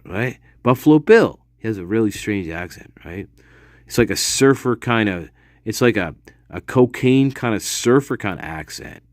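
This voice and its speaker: A man's voice: fairly low pitch, no echo, studio quality. A man hosting a live video, rambling in a loose monologue, swearing freely and chuckling as he trails off and restarts. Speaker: live stream host.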